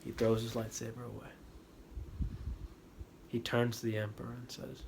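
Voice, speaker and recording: A man giving a spiritual talk, retelling a story in an animated, dramatic way that swings from loud to hushed. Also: mid-range voice, normal speed, gravelly, long pauses. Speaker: spiritual teacher. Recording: steady background noise.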